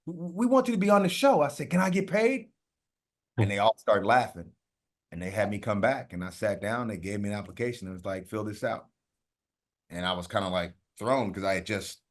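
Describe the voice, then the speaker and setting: A man with a fairly low voice tells his story in a loose, animated way, cursing freely. He slips into quoted voices as he goes, like a guest on a podcast. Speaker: podcast guest, reality TV contestant. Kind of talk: casual storytelling.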